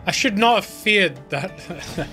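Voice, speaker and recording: A man's voice: on the high side, expressive, a little slow, a bit bright, faint music behind. A man giving casual gameplay commentary, chatty and self-mocking, talking straight to his viewers. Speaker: let's play host.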